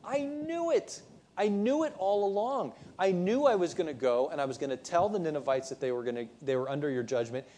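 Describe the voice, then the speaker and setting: A man's voice: on the high side, animated, brisk, darkish tone, pitched above the performer's own voice, close to an everyday voice. A man voicing an indignant male prophet who protests and complains in a raised, exasperated voice.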